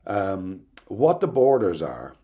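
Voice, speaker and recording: A middle-aged man giving a recorded university lecture in an explanatory, thoughtful way, pausing now and then with "um". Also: low voice, wildly swooping pitch, lo-fi sound. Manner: explanatory, thoughtful, with occasional ums and restarts.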